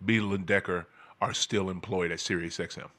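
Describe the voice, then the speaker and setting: Fired-up man ranting, bright voice. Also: deep voice, steady tone, brisk, a little hiss or hum. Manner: angry, profane, stammering restarts, bursts into shouting. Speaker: podcast host. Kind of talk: heated ranting monologue.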